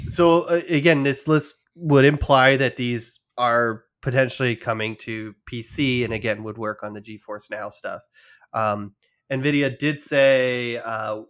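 A man's voice: medium pitch, steady tone, a little slow, fairly bright tone. A man hosting a casual gaming podcast, rambling and reading out a list of rumored titles with frequent restarts. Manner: rambling, reads out lists with restarts. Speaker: podcast host. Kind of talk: casual chat about game news.

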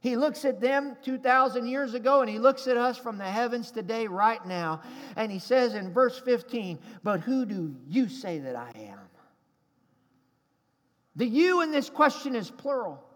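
High-pitched preaching man in a reverberant hall. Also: moderate pace, a bit bright. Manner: emphatic preaching, calls for congregation response. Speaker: pastor. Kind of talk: sermon.

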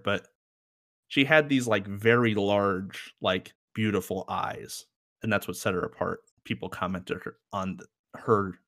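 Podcast co-host, man, lowish voice, rambling and jokey song talk. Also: fairly bright tone. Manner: rambling, joking, laughs often. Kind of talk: casual music review chat.

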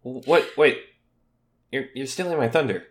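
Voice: mid-range voice, measured pace. A podcast co-host who chats casually and with enthusiasm, laughing often and swearing.

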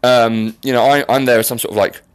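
A man's voice: mid-range voice, steady tone, brisk, clear, resonant tone, no room sound. A young man hosting a podcast in casual chat, joking and teasing his guest, often poking fun at himself. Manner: joking, self-mocking, teasing. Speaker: podcast host.

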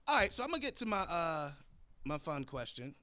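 A young man with a slightly raised voice hosts a relaxed podcast chat. He tells stories with lots of energy and acts out the voices of the people in them. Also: fairly high pitch, fairly quick, no echo. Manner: animated storytelling, acts out quoted voices. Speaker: podcast host. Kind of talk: casual interview chat.

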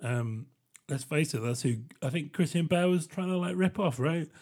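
A man's voice: fairly high pitch, normal speed, a little mellow. A man hosting a solo comedic podcast, rambling and self-deprecating, with frequent laughs. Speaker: podcast host.

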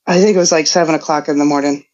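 A woman's voice: deep voice, steady tone, very fast, darkish tone, muffled recording. Middle-aged woman, chatty laughing storyteller. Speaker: podcast guest, mother of a co-host. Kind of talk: casual chat, storytelling.

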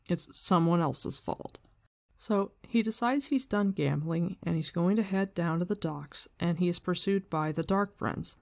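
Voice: medium pitch, a little slow, gravelly, dry recording. A book-discussion host retelling a story in a loose, slangy way with some swearing, switching into reading passages aloud.

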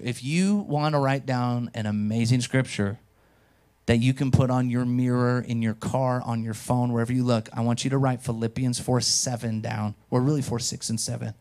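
A pastor preaching a sermon, telling stories with animation and speaking directly to the congregation. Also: male voice, mid-range voice. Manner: animated storytelling, acts out quotes. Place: church.

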